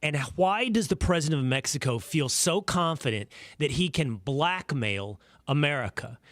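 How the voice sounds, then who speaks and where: Brief: animated male host, dry close mic, upbeat interviewer. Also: fairly high pitch, normal speed, no room sound. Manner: lively, laughing, hype-building host. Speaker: podcast host. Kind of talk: casual interview chat.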